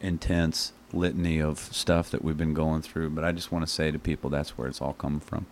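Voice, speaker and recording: Host, male, very low voice, earnest rambling talker with lots of restarts. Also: level tone, fairly quick, slight background noise. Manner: rambling, self-correcting, earnest. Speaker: show host. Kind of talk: casual talk show chat. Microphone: headphones and studio mic.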